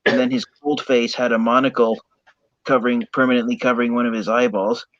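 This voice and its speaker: Steady, calm male voice in casual chat, dry and muffled lo-fi recording. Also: mid-range voice, fairly quick, no room sound. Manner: calm, steady, explains details. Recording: dry, dull lo-fi sound.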